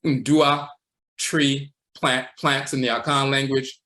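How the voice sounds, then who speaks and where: Man, livestream lecturer, measured delivery, repeats terms, says "and so forth" often. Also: mid-range voice, fairly even intonation, fairly bright tone. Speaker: teacher of a spiritual tradition.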